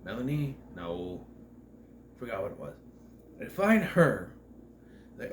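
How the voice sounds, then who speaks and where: A man rambling through a casual spoiler review of a horror movie, forgetting character names and clearing his throat. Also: mid-range voice, sing-song, measured pace, pauses often, a bit bright, slight background noise.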